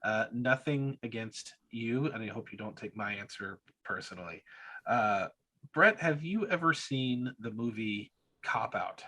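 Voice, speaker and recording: Husky, bright-voiced male podcast co-host. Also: fairly low pitch, expressive, unhurried. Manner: storytelling, hesitant with many restarts. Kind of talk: casual chat.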